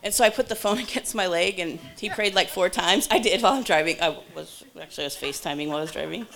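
Woman, church testimony, animated and breathless, fairly low voice, then prayer. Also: gravelly. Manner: animated, breathless storyteller with quick asides. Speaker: church member giving a testimony and leading prayer. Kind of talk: lively testimony storytelling, then spoken prayer. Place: church service before a congregation.

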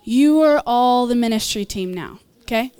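A woman's voice: fairly high pitch, lively intonation, normal speed, a little mellow, clean tone. A woman preaching and leading prayer at a church gathering, earnest and encouraging, with small asides and laughs. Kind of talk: sermon and altar call.

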